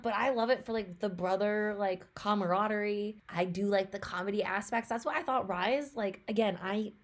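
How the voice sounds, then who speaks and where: Young woman, casual reaction commentary, excitable, gushing, fillers, mid pitch. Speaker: YouTube reactor.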